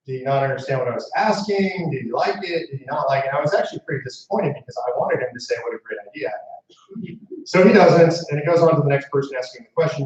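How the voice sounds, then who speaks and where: A medium-pitched male voice, recorded from far away on a muffled, echoey room mic. As founder of a movement, he tells a story to a live audience in a conversational way, tossing asides to the crowd.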